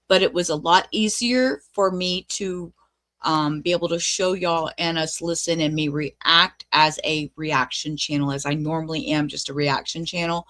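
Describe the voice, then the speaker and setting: A woman's voice: low voice, fairly bright tone. A woman hosting a reaction channel, speaking hesitantly with fillers and flaring into outrage. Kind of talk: casual reaction commentary.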